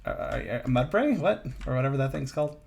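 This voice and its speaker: A man's voice: medium pitch, lively intonation, a little fast, creaky, darkish tone. Rambling laid-back gamer guy. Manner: rambling, self-correcting, laughing often. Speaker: streamer and player. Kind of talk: casual chat over voice chat. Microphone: push-to-talk voice chat mic.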